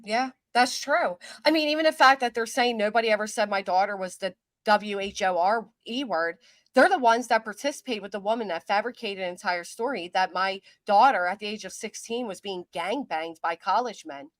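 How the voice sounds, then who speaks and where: A woman's voice: mid-range voice, fairly quick, fairly bright tone, no echo. A woman hosting a casual livestream, talking in an indignant, ranting way. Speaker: livestream host.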